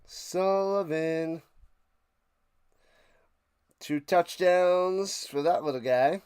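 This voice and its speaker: A man streaming a live watch-along, rambling between plays and shouting out big plays. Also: on the high side, a little slow. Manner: rambling chatter with sudden shouted play calls.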